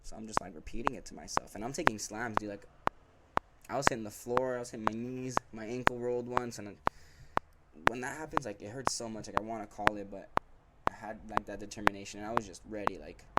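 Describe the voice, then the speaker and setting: A man's voice: lowish voice, steady tone, fast. Rambling young man, noisy recording. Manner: rambling, profane, many fillers and restarts. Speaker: podcast host. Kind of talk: casual storytelling monologue. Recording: loud background noise.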